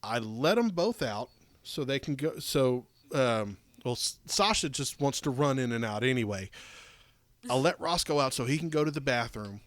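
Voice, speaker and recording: A middle-aged man co-hosting a podcast, telling stories in casual chat, animated and rambling with many restarts. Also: medium pitch, moderate pace, no room sound. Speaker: podcast co-host.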